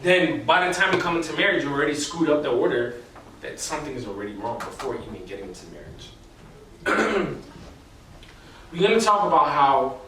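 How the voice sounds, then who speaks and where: A young male preacher talking in a loose, chatty way full of fillers and slang. His voice sits slightly high and rings through a very echoey hall, picked up from far off with a faint hiss behind him. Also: big pitch swings, moderate pace, fairly bright tone. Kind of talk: casual sermon. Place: church hall.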